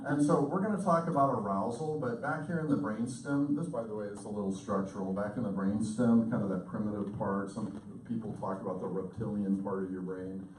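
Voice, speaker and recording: A man in his fifties, a communication professor, lecturing with lively, intense storytelling and acted-out quotes. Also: on the low side, fairly quick, few pauses, a little hiss or hum. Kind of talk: lecture to an audience. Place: lecture hall. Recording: echoey hall recorded from far off.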